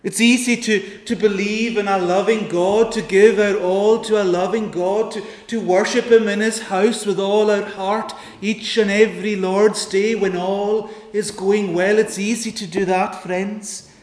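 A man preaching a sermon in a high, even voice that stays level in pitch. He speaks slowly and earnestly, pleading with his listeners and letting his pauses sit. The sound rings with the echo of a large room. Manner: earnest, pleading, with dramatic pauses and quoted prayers.

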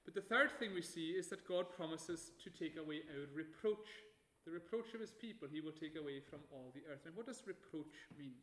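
A man preaching a sermon, measured and emphatic, slowing down to stress key phrases. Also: on the high side, fairly bright tone, roomy sound.

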